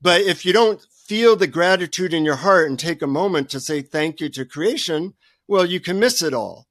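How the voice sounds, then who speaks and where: Animated man telling a story. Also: sits high, normal speed, no echo. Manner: animated, self-deprecating storyteller. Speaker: guest author. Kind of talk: storytelling in a radio interview.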